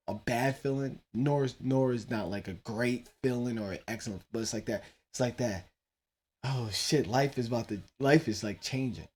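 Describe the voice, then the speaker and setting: A man in his thirties talks alone into his own podcast mic in an easy, meandering way. He curses freely and breaks into laughter between thoughts, restarting sentences as he goes. His voice sits at an ordinary middle pitch for a man. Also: darkish tone. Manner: loose, profane, laughing asides. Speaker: podcast host. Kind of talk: casual solo podcast rambling.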